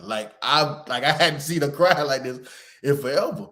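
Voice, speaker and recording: A man hosting a podcast, telling a rambling story with lively quoted voices and casual swearing. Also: mid-range voice, moderate pace. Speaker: podcast host.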